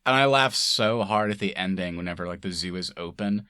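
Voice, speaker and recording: A man's voice: sits low, a little fast, bright, forceful tone, clear, resonant tone, dry recording, clean studio sound. A man co-hosting a podcast, chatting casually and laughing often as he retells scenes. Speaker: podcast co-host. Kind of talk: casual chat.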